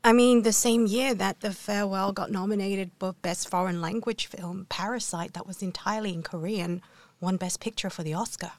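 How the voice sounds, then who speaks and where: A woman's voice: mid-range voice, fairly even intonation, moderate pace, darkish tone, no room sound. A woman culture reporter speaking thoughtfully, hedging her points in a casual discussion.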